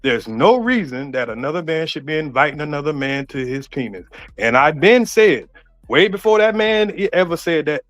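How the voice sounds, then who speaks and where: Defensive man in a heated argument. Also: fairly high pitch. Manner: defensive, repeats himself. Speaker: panelist in online debate.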